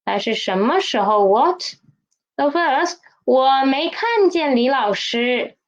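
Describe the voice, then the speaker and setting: A woman leads a Chinese lesson at an unhurried, careful pace, her voice sitting a little high. She keeps asking questions and has the learner repeat words after her. The audio is somewhat dull and lo-fi. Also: animated. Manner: slow, questioning teacher talk with repeated drills. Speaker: Chinese teacher. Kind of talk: online language lesson.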